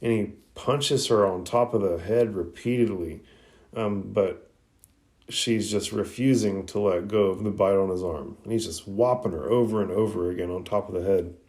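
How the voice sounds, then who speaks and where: Low mellow-voiced man recapping casually. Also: normal speed. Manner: conversational, with frequent fillers and crude asides. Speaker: podcast host reviewing an anime episode.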